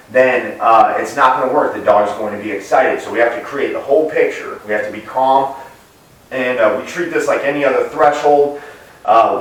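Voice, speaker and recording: A man working as a dog trainer, explaining in a relaxed, plain way with frequent pauses and restarts. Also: mid-range voice. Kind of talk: casual instructional talk to camera. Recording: echoey room, voice picked up from a distance.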